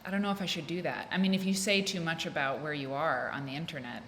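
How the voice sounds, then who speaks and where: A fast-talking American podcast host chats on her own from an office room, rambling and breaking into her own sentences. Her voice is low but fairly bright, with a steady tone. The audio carries a roomy echo, faint ambience, and slight background noise.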